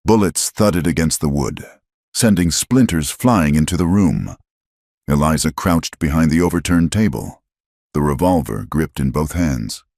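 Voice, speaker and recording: A man narrating a western story in a grave, measured scripted telling. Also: rumbling low, animated, creaky, a little mellow, no echo, clean studio sound.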